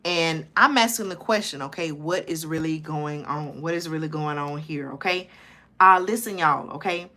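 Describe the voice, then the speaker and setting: Urgent bright-voiced woman live-streaming. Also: low voice, normal speed. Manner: urgent, repeats herself, says "okay?" and "listen, y'all" often. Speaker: channel host. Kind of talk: live stream commentary reading news aloud.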